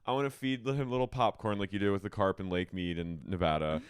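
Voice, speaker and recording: Man co-host, smooth clear voice, lively pitch, jokey and quick to act out quotes. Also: dry recording, studio quality. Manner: expressive, jokey, acts out quotes. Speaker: podcast co-host. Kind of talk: casual chat recapping reality TV.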